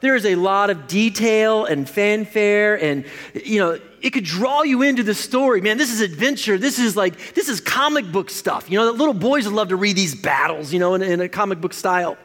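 A man preaches a sermon in a lively, joking way, breaking off and restarting sentences as he goes. His voice sits fairly high for a man. Long reverb from a church hall trails after his words. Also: normal speed, faint music behind. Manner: animated, jokey, self-interrupting. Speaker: pastor.

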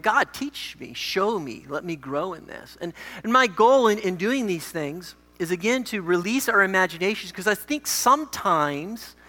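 A man's voice: sits high, pushed and bright. A man, a pastor telling a personal story in a conversational, self-deprecating way during a sermon. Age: 40s. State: recovering from a head injury. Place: church hall. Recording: echoey hall.

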